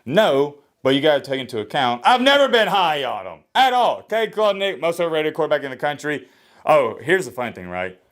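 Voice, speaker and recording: A man doing a solo sports reaction vlog. He talks in a blunt, opinionated way, with energetic swings in pitch and a slightly hoarse voice. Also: a little fast. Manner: opinionated, blunt trash talk. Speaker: sports vlogger. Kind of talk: solo college football reaction.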